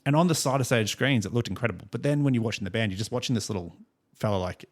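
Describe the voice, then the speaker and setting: Australian male podcast co-host, lower voice, loose rambling chatter with laughs. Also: very fast. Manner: rambling storyteller, many fillers and laughs. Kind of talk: casual chat.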